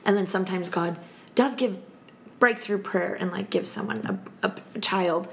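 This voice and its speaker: A woman in her thirties, a podcast guest telling a story in casual chat, animated and laughing often as she acts out quotes. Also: mid-range voice, moderate pace, gravelly, slight background noise.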